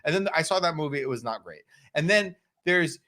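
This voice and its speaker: A man co-hosts a casual podcast, dropping wry, deadpan asides. His voice sits a little high and moves around a lot in pitch. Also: fairly quick. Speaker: podcast co-host. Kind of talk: casual chat.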